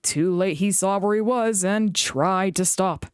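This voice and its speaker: A woman reading a children's book aloud in an expressive storytelling voice. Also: medium pitch, measured pace, clean tone, no room sound, clean studio sound. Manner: expressive, animated read-aloud.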